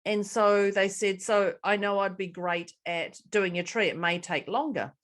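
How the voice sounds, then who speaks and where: A woman co-hosting a casual podcast and working as a coach, telling stories with lively acted-out dialogue. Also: medium pitch, unhurried. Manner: animated storyteller acting out dialogue.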